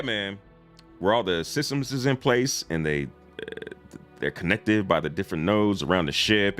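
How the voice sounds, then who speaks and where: A man with a very low voice chats casually on a live stream, loose and slangy and quick to chuckle. Faint music plays softly behind him. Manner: laid-back and slangy, chuckles often. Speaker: streamer reacting to game videos.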